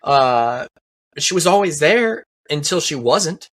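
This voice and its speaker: Bright-voiced American man, rambling. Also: on the high side, expressive, slow pace. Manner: hesitant, rambling recollection with swearing. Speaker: podcast co-host. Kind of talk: casual chat.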